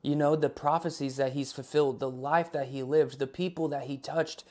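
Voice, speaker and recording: A man's voice: fairly high pitch, fairly even intonation, normal speed, a little mellow. A man preaching an online sermon in a casual, conversational way, opening with a spoken prayer. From Alaska. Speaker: pastor.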